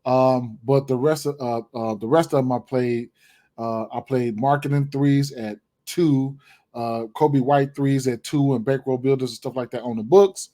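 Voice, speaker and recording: A man's voice: mid-range voice, steady tone, moderate pace, dark tone. A man giving his sports betting picks in casual, rambling talk, full of fillers and repeated words. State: hiccups, clearing throat.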